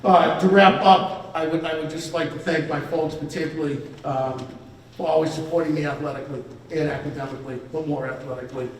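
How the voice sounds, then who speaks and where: A man's voice: fairly high pitch, fairly even intonation, brisk, background noise. A man in his fifties giving a rambling, self-deprecating hall of fame acceptance speech at a banquet dinner. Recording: echoey banquet hall from far off.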